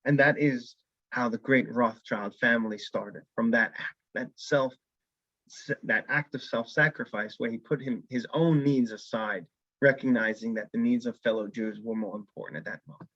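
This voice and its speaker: A man's voice: medium pitch, normal speed, no echo, muffled recording. A man teaching a weekly Torah class as a rabbi, telling a story and acting out the characters' lines. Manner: animated storyteller who acts out characters' lines.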